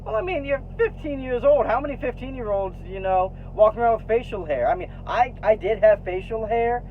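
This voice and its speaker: A man's voice: high-pitched, lively intonation, fairly quick. Rambling man on a tinny line. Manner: rambling, full of restarts and fillers; frank, swears when annoyed. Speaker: vlogger sharing opinions. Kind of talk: casual rambling chat. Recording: tinny phone-like sound with faint noise.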